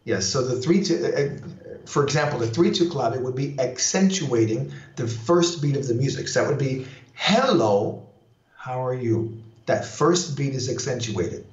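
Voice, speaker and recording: A man's voice: expressive, moderate pace, darkish tone, dull audio. Man teaching salsa rhythm, echoey stream. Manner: explains at length, sings bass lines and counts beats aloud. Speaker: salsa dance instructor. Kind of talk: live online dance lesson.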